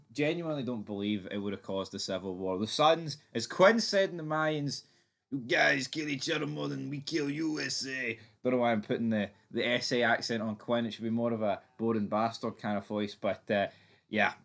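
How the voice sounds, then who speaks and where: A man's voice: medium pitch, fairly bright tone. A man hosting a fan theory channel, giving his opinion in a chatty, emphatic way with some swearing. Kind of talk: casual opinion commentary.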